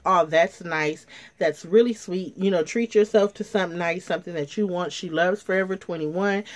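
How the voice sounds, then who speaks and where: Middle-aged woman vlogging story time, low-ish voice, teary and chatty. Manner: emotional, chatty, addresses viewers as ladies. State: near tears. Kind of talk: casual story time chat to camera.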